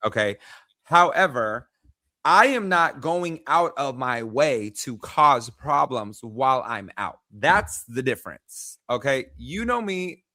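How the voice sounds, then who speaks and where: Sassy animated man chatting on a podcast. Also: mid-range voice, no room sound. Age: 30s. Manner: sassy, animated storytelling with lots of "like". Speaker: podcast co-host. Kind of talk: casual chat.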